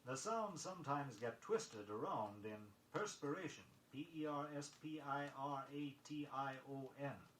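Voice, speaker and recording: A man reading a scripted pronunciation lesson, measured and precise, spelling words letter by letter on an old record. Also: medium pitch, fairly bright tone. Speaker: vocabulary record instructor. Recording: echoey vintage vinyl recording with faint noise.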